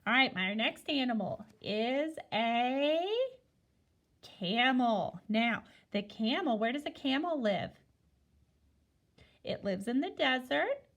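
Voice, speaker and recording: Slow sing-song woman teacher. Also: a little high, expressive, a bit bright, highs cut off. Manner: slow, sing-song teacher talk with many "okay?" checks. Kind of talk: guided reading lesson for young children. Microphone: recording a video lesson.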